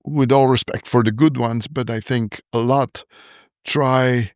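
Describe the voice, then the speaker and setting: A man's voice: mid-range voice, steady tone, unhurried, clean tone, no echo, clean studio sound. A man hosting a podcast interview, affirming his guest often and reflecting on her points. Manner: affirming, often backchannels with yeah. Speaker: podcast host.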